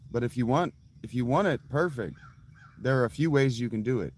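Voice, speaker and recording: A man's voice: mid-range voice, a little fast. A man in his late thirties telling a story to his viewers in a casual, blunt way, with frequent profanity. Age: late 30s. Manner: blunt, profane, laughs at his own stories. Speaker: vlogger.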